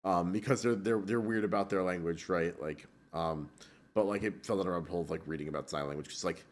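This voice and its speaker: A man's voice: sits low, fast talker. A man co-hosting a casual podcast, talking in a meandering way with many fillers and restarts. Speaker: podcast co-host. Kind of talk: casual chat.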